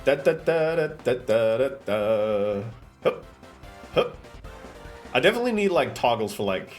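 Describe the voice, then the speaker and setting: A man's voice: mid-range voice, fairly bright tone. A man streaming live, chatting casually while setting up an avatar, often slipping into playful theatrical bits.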